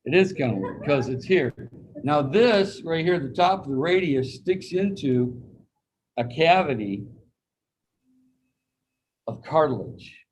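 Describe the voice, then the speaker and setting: A man's voice: on the high side, expressive, takes it slowly, pauses often, slight background noise, low-quality recording. A man teaching anatomy over a video call in a casual, folksy way, slipping anecdotes in and acting out the voices of people he quotes. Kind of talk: casual classroom lecture with personal anecdote.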